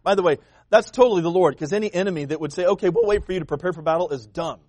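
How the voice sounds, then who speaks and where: A man, a pastor, preaching a sermon in a conversational, animated way, retelling the story and acting out the people in it. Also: high-pitched, rapid-fire, dry recording.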